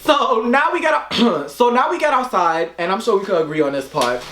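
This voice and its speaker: A young man with a high, swooping voice tells his side of a story, laughing often and jumping into squeaky impressions of his friend. An echoey room with faint hiss surrounds him. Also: lively intonation, brisk, bright, forceful tone. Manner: playful, laughing, mimics others in a squeaky voice. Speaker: guest friend. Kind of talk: casual storytime chat.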